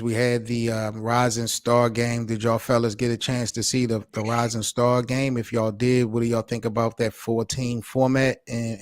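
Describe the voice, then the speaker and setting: A man's voice: mid-range voice, no room sound, clean studio sound. Argumentative man debating sports on a podcast. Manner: challenging, argumentative. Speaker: podcast co-host.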